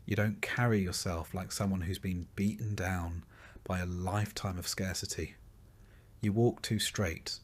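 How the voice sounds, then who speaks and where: A man narrating a sleep story in a slow, soft and calm voice. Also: sits low.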